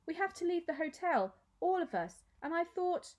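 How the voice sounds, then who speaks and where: A woman's voice: very high voice, big pitch swings, normal speed, darkish tone, voice pushed up. A woman reading a storybook aloud, voicing an anxious young boy who asks for help hesitantly and trails off.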